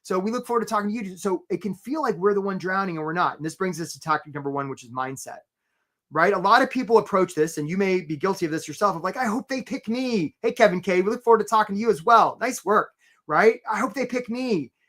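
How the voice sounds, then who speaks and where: A man hosting a live career webinar as a coach, energetic and upbeat, often tagging lines with "right?". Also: high voice, fast talker.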